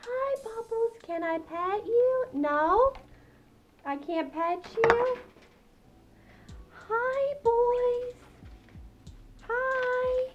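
A woman voicing a gentle, soft-spoken stranger who coaxes pet birds in a high voice. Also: lively intonation, extremely slow, long pauses, lo-fi sound, very noisy, heavily acted. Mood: coaxing.

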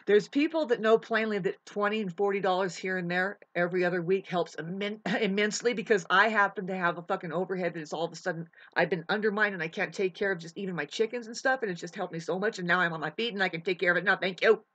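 A woman's voice: medium pitch, fast talker, few pauses, a bit bright, highs cut off. A woman delivering a heated, preachy vlog monologue, swearing often as she lectures her listeners. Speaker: vlogger. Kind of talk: profane ranting monologue.

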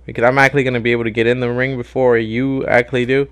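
A young man talking through a wrestling video game in loose, casual commentary. He gets excitable fast, swears freely and shouts at what happens on screen. His voice sits at an everyday middle pitch. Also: clean tone. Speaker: gaming YouTuber.

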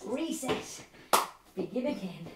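An actress playing a lively Spanish woman who has moved to Ireland, with a Spanish accent, telling her story in a one-woman theatre monologue with lots of playful laughter. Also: on the high side, slow pace, distant mic, very noisy. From Spain. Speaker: stage performer. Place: theatre stage. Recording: roomy stage sound from afar, faint music.

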